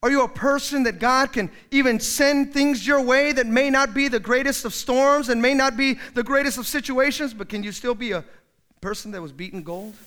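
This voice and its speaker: In his sermon, the pastor, a man, speaks at a moderate pace with a strikingly high voice whose tone is bright, ringing, clear and resonant. He performs the people he quotes with big, loud bursts.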